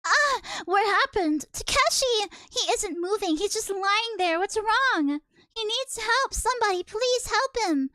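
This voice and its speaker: A woman's voice: lively intonation, a little slow, pushed and bright, no echo, full character voice. A woman voicing a young schoolgirl who pleads and cries out for her little brother while reading a manga aloud. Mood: desperate. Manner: pleading, shrill.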